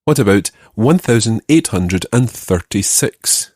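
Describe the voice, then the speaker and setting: A man teaching a podcast language lesson, patiently giving phrases and slowing down to model pronunciation. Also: lowish voice, expressive, darkish tone, no room sound, studio quality.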